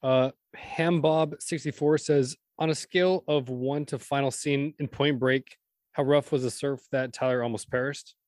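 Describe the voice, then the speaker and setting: A man co-hosting a casual chat, reading listener questions aloud slowly. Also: medium pitch, steady tone, darkish tone, no echo.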